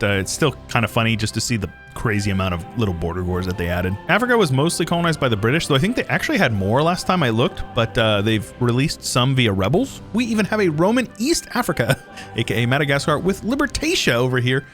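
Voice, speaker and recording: A man's voice: mid-range voice, very animated, quick pace, fairly bright tone, faint music behind. A man giving casual, jokey commentary over a strategy game, with frequent fillers and laughs. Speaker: gaming video host.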